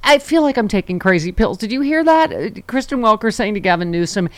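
A woman's voice: fairly high pitch, sing-song, a little fast, hardly any pauses, dry recording. A woman hosting a political talk show, bantering casually and joking, often with a laugh. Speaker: radio talk show host.

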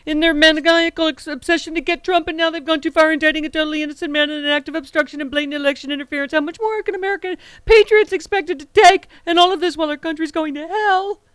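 A woman's voice: sits high, fairly even intonation, fast talker, hardly any pauses, a bit bright, no echo, studio quality, voice pushed up. A woman putting on a pompous, blustering male politician, ranting in a bombastic, indignant way.

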